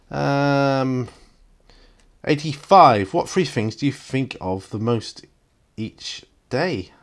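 A man with a lowish voice, hosting a solo question-and-answer vlog. He reads out numbered questions and answers them himself, casual and reflective, pausing to think. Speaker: channel host.

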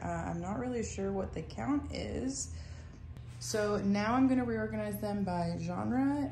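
A young woman chatting through a casual home vlog, upbeat and easygoing. Her voice sits at an ordinary pitch with a noticeable gravelly fry underneath. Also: mellow, slight background noise. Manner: chatty, upbeat, with fillers and small laughs. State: out of breath. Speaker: vlogger. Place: home apartment.

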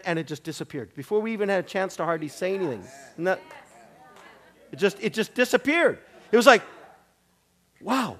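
A middle-aged man preaching in church, telling testimony stories in an animated way and laughing often. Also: sits high, fairly quick. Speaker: visiting preacher. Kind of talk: sermon sharing testimonies.

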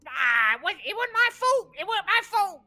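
A cowering little goblin, whining in a shrill squeak that jumps far above a normal man's voice. The voice is loud, bright and strained. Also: big pitch swings, normal speed, gravelly, exaggerated voice. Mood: panicked. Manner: shrill, whiny. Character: squeaky panicky male goblin lackey.

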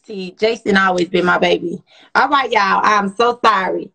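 A woman hosting a casual phone livestream, talking loudly and profanely in a rambling way. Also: mid-range voice, moderate pace, gravelly, slight background noise. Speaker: livestream host.

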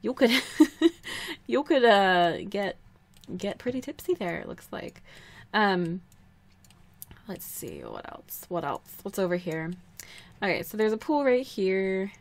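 A woman's voice: medium pitch, lively intonation, takes it slowly, pauses often. Young female let's-player, chatty, giggly, rambling casual commentary. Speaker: let's play host.

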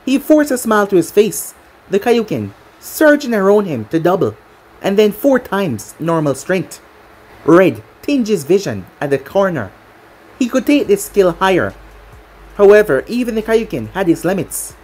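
Husky woman narrating a story. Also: medium pitch, very animated, normal speed, darkish tone. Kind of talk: fan fiction read aloud.

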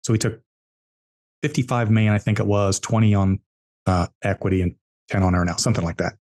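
A man's voice: lowish voice, little pitch movement, brisk, a little mellow. A man, an entrepreneur guest on a podcast, telling business stories bluntly and emphatically, repeating key words. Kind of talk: podcast interview storytelling.

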